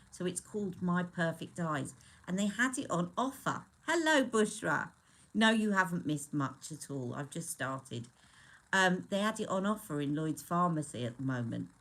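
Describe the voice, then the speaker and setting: A woman's voice: deep voice, fairly bright tone. Chatty woman hosting a beauty live stream. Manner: chatty, greets viewers by name, rambling asides. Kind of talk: casual live-stream chat.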